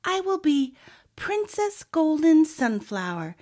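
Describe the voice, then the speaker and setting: A woman's voice: high-pitched, very animated, slow pace, a little mellow, voice pushed up, exaggerated voice. A woman doing a chirpy little girl mouse. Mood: cheerful teasing. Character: cheerful little girl mouse, teasing sister.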